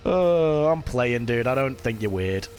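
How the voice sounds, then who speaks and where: A man talks easily with his stream chat as he plays, his voice sitting at a middle pitch. He chats loosely and swears casually. Faint music plays underneath. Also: moderate pace. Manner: chatty, swears casually, reads and answers chat while playing.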